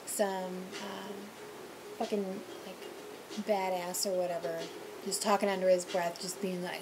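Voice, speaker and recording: A woman's voice: on the low side, a little slow, noisy background. A young woman who works as a server, casually telling a story about a rude customer with lots of fillers. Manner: animated, mimics people in loud quoted voices, many fillers.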